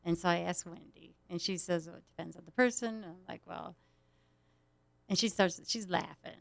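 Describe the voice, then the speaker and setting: A woman's voice: fairly low pitch, moderate pace, creaky, no room sound. A woman telling a rambling story in casual chat, laughing often as she goes. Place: small studio.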